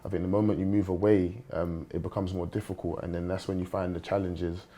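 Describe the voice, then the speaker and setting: This young man speaks in a low, deep voice, and he talks quickly. He is a footballer sitting on a panel and answers earnestly, often restarting his sentences. His tone is dark and mellow. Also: level tone. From London. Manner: fast, earnest, with many restarts. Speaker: professional footballer, guest. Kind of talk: panel discussion.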